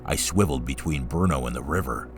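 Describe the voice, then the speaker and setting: A man reading a first-person story aloud in a calm, steady narrating voice. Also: very deep voice, fast talker, over music.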